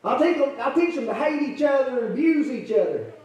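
Guy doing a gloating devil, high and taunting, boomy church echo. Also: expressive, a little fast, darkish tone. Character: gloating boastful male devil, cruel. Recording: echoey church from far off.

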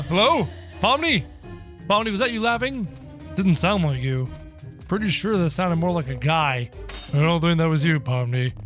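A gaming video narrator giving excitable, playful let's-play commentary in character, bursting into yelps and laughter. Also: medium pitch.

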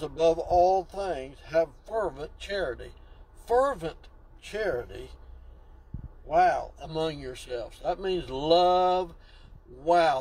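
A man's voice: on the high side, breathy edge, poor audio. A man preaching a sermon, exclaiming and drawing out key words for emphasis.

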